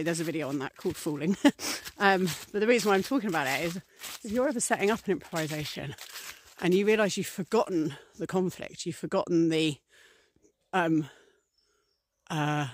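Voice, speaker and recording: An English woman who is both a priestess and a vlogger chats loosely to camera in a lowish voice, with a little hiss or hum on the recording. She rambles, uses lots of ums and other fillers, and acts out little scenes in different voices.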